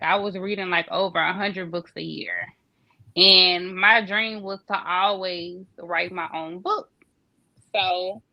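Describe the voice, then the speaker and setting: A woman's voice: medium pitch, lo-fi sound. A woman in her thirties with a Louisiana accent, a guest author chatting in a podcast interview and laughing easily. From Louisiana, USA. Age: 30s.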